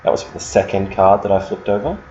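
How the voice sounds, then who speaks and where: A man's voice: sits low, quick pace, warm tone. A man running a tabletop game as game master, flustered and swearing while he reads out card texts. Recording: dull lo-fi sound, faint noise.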